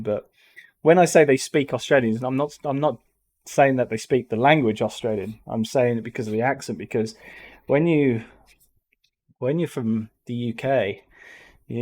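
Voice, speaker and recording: A man's voice: medium pitch, a little mellow. A man from England with a light Black Country accent, hosting a reaction video in a rambling, exasperated way. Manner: rambling, exasperated, repeats words. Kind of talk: casual commentary.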